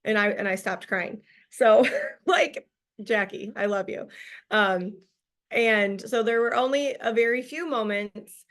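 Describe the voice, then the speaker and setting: A woman's voice: mid-range voice, slow, fairly bright tone. A woman leading a business training over a video call, giving a casual, upbeat motivational talk full of fillers and laughs. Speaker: team leader presenting a business training call.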